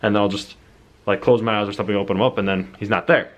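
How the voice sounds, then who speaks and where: A man's voice: on the low side, fairly even intonation, very fast, muffled recording. A young man casually rambling as he lays out his film plot, full of fillers and restarts. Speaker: vlogger pitching his film idea.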